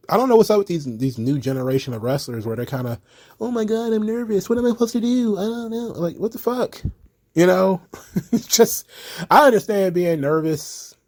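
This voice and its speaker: A man's voice: mid-range voice, a little mellow, no echo. Blunt, swearing man giving wrestling opinions. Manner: blunt, profane, rambling with fillers. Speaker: wrestling commentary host. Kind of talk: casual opinionated commentary.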